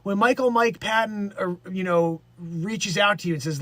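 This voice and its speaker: A man's voice: high-pitched, moderate pace, hardly any pauses, fairly bright tone, no echo. A man hosting a live stream, chatting casually in a rambling, jokey way, laughing at his own bits. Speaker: livestream host.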